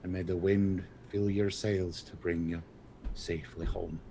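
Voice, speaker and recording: A solemn ancient sea spirit , which a man puts on, intones blessings in a slow, ceremonial cadence. The voice sits very low and sounds distant and hushed. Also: flat delivery, slight background noise. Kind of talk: game master voicing a spirit.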